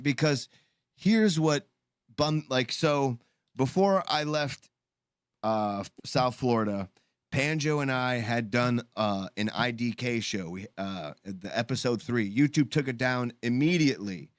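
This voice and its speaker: A man co-hosting a live call-in show, telling a long story in casual chat, halting and restarting often. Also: mid-range voice, no room sound, studio quality. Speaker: podcast co-host.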